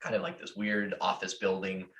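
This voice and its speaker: A man's voice: sits low, little pitch movement, moderate pace, a bit bright. An American man telling a long story on a podcast in a casual, profane way, rambling with lots of fillers. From United States. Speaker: podcast host. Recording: roomy echo.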